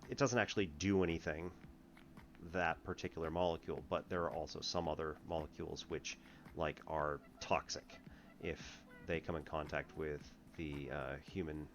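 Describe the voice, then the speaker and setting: Deep-voiced man rambling through a lesson. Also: dull audio, a little hiss or hum. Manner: rambling, laughs often, halting restarts. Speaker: math tutor. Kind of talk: casual lesson chat.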